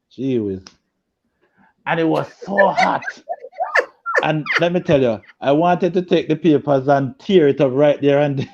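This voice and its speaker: A man's voice: a little high, muffled recording. A man, a guest in a group video chat, animatedly telling a story and laughing often. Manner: animated storyteller, laughs a lot, acts out quotes loudly.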